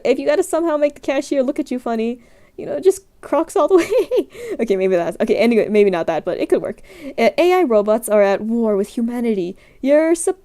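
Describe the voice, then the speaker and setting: A woman's voice: fairly high pitch, dark tone. A young woman streamer chatting casually, rambling and giggling as she reacts to scenarios. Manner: rambling, giggly, frequent "like" and "frick".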